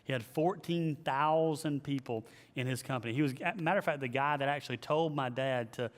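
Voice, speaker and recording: A man who is a pastor, giving an emphatic, animated leadership teaching and repeating his key phrases. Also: medium pitch, brisk. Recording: long hall reverb.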